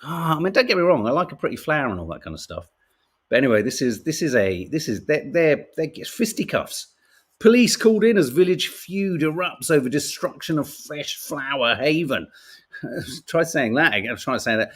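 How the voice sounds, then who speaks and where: A middle-aged British man hosting a podcast goes through the day's papers in loose, casual chat, speaking at normal speed with a slightly high, breathy, sing-song voice that rises and drops with each joke. Wry and chatty, he swears freely and laughs at the stories.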